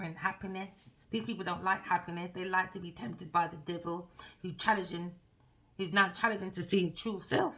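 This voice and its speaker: A woman reads tarot cards in a bright, sharp-edged voice. She talks scornfully and theatrically, peppering her reading with swearing. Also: on the low side, highs cut off. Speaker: tarot reader.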